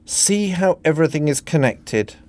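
A man's voice: on the high side, lively intonation, normal speed, darkish tone, pitched above the performer's own voice, natural voice. A man voicing a prim, sentimental woman heroine in a satirical reading. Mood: earnest. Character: earnest, soulful woman heroine.

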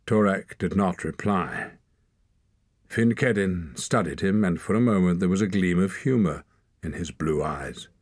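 Deep, husky male storyteller. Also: lively intonation, a little slow, no room sound, studio quality. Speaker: audiobook narrator. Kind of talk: scripted narration.

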